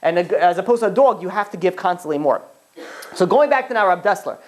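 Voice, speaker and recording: A man's voice: sits high, fast. A man teaches a casual Torah class as a rabbi. His delivery rambles through asides and "you know"s. He acts out little exchanges as he goes. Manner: rambling and animated, full of asides and acted-out dialogue. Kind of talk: informal Torah class lecture.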